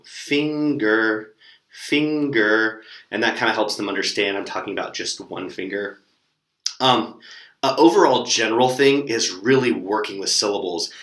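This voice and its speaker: Young man, online teacher, casual tips, lowish voice, bright tone, echoey room. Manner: relaxed, lots of fillers, demonstrates words with gestures.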